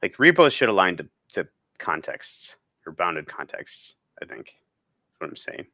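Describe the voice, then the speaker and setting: Very deep-voiced rambling man. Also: very animated, measured pace, bright, forceful tone, no echo. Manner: rambling, frequent laughs. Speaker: podcast guest. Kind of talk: casual chat. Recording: dull, dry lo-fi sound.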